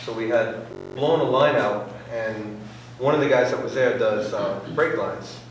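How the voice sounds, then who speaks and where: A man's voice: mid-range voice, a little slow. A man telling a casual racing anecdote to a club meeting, acting out quotes and sound effects as he goes. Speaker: club member sharing a racing story. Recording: very echoey room, voice far from mic, faint noise.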